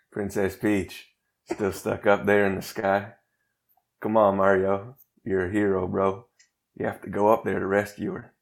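A man putting on a laid-back Southern twang in a slow, relaxed drawl for a comedy impression game. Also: lowish voice, vocal fry, voice pushed down. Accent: put-on Southern twang.

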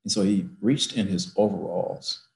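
A man's voice: low voice, fairly even intonation, normal speed, vocal fry, darkish tone, roomy sound. A university president, a man, telling a personal story in an interview from his office, building to emphatic peaks.

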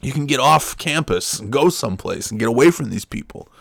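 A man's voice: mid-range voice, lively intonation, brisk, creaky, fairly bright tone, breathy edge, no room sound, studio quality. A middle-aged man hosting a podcast from home, ranting in an exasperated, profane way. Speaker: podcast host. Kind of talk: solo podcast rant. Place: home room.

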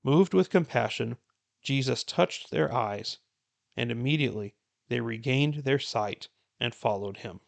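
A man hosting a Bible reading plan, reading scripture passages aloud in an earnest, unhurried way and then explaining them in casual commentary. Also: mid-range voice, gravelly.

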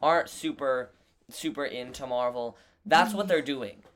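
A man's voice: medium pitch, measured pace, fairly bright tone. A man co-hosting a casual podcast chat, often pulling the talk back on topic. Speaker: podcast co-host.

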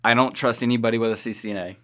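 A man's voice: mid-range voice, fairly even intonation, very fast, pushed and bright. A man hosting a podcast in casual chat. He asks questions with blunt opinions and jokes. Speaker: podcast host.

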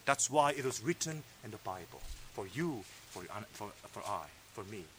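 A man preaching a sermon, fervent and emphatic, sometimes dropping to a low hush. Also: animated, moderate pace, background noise. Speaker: pastor. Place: fellowship meeting hall.

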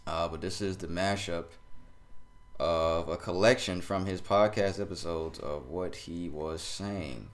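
A man hosting casual reaction commentary, animated and incredulous, often laughing. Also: sits low, measured pace. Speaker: commentary host.

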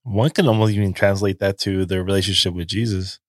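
A man hosting a casual podcast, asking measured questions and chiming in with short agreements. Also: low-pitched, fairly even intonation, no room sound, clean studio sound. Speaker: podcast host. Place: podcast studio.

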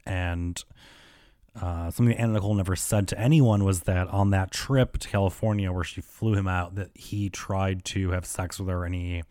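A young man chats alone into a close mic, his voice sitting on the lower side. He rambles and swears through his stories, restarting sentences and padding them with fillers. The sound is dry, with no room around it. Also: a little mellow, no echo. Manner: chatty, profane, filler-heavy storytelling. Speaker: podcast host. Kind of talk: casual solo podcast chat.

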